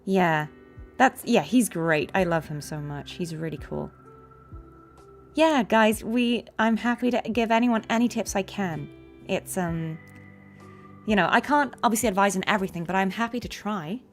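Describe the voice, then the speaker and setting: A young adult woman, a voice actress, chatting casually on a livestream and explaining voice technique with quick demonstrations. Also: mid-range voice, faint music behind. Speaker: voice actress streaming a game.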